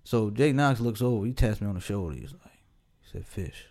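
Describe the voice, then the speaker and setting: A man's voice: on the low side, fast, dark tone. A man in his late twenties telling a casual, profane story on a podcast and often laughing as he talks. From Pasadena area, California. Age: 20s. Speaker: podcast co-host.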